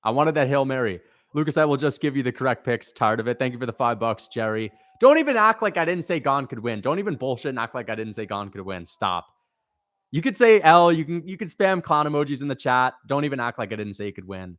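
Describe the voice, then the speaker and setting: A man's voice: mid-range voice, big pitch swings, fast talker, a bit bright, dry recording. Frustrated young man ranting on a livestream. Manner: frustrated, swearing, repeats himself. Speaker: livestream host reading chat. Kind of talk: casual livestream reaction.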